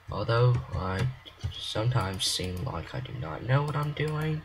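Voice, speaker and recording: Man, rambling and self-conscious game commentary, unhurried delivery, very animated up and down in pitch. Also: background noise. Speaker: game creator. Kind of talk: casual building commentary. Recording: clear mouse clicks and typing.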